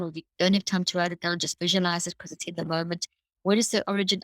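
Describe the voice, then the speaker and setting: Woman, interview guest, lower voice, dry close mic, long animated explanations. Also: fast talker, no echo, low-quality recording. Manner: animated, explains at length with quoted inner speech. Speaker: cognitive neuroscientist guest.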